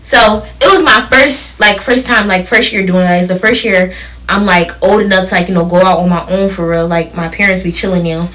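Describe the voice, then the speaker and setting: The seventeen-year-old co-host talks fairly quickly in a lowish voice, recorded from a distance. Laughing often, she tells animated stories during casual podcast chat.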